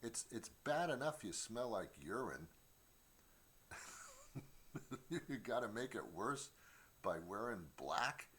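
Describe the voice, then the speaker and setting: A man's voice: medium pitch, wildly swooping pitch, takes it slowly, long pauses, fairly bright tone. A middle-aged man hosting a comedy show from his home studio, rambling through a stand-up monologue with stammered restarts and mock voices. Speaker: comedian host.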